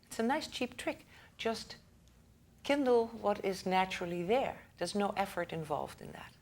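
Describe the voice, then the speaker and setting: A woman's voice: medium pitch, lively intonation, moderate pace, darkish tone. A woman school director giving a lecture to parents in a conversational way, checking in with the audience, laughing often and acting out the people in her stories.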